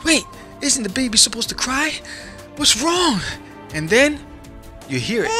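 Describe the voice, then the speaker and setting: A man hosting a podcast, giving an animated motivational talk straight to the listener and acting out little scenes. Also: high voice. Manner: animated, addresses listener directly, acts out scenes. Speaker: podcast host. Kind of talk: motivational monologue.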